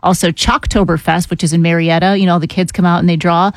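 A woman's voice: fairly low pitch, level tone, fast talker, no room sound. Chatty female radio co-host. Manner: chatty, runs through a list of events. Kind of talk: casual radio chat. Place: radio studio.

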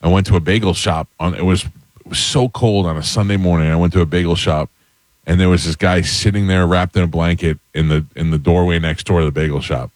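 Fast-talking deep-voiced radio host. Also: male voice, steady tone, no echo. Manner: storytelling, quoting people. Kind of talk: casual radio chat.

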